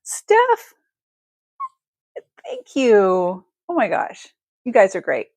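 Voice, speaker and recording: A woman's voice: mid-range voice, huge pitch swings, very slow, a little mellow, no echo. A woman hosting a casual live-stream, chatty and effusive as she thanks viewers and shows jewelry. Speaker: livestream jewelry seller.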